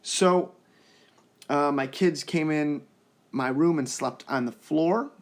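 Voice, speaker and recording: A man's voice: fairly high pitch, slow pace. A young man talking earnestly and reassuringly to the camera in a casual parenting vlog. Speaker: parenting vlogger.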